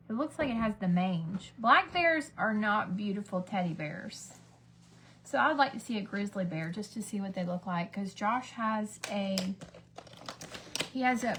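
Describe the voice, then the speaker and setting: A woman's voice: medium pitch, fairly bright tone, a little hiss or hum. A woman chatting casually on a livestream while doing her makeup, rambling from one story to the next and sometimes dropping to a whisper. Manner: rambling, chatty, drifts between stories. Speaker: beauty vlogger. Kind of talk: casual get-ready-with-me livestream chat.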